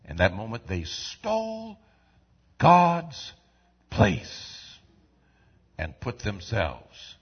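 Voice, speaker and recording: A man preaching a sermon in a church, swinging from quiet asides to shouted lines in a call-and-response style. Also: on the low side, huge pitch swings, very slow, long pauses, breathy edge, lo-fi sound. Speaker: pastor. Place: church sanctuary.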